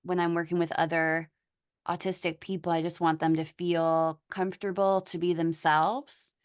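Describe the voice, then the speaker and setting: A woman hosting a casual podcast chat, speaking earnestly and haltingly with many pauses. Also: lowish voice, level tone, clear, resonant tone. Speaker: podcast host.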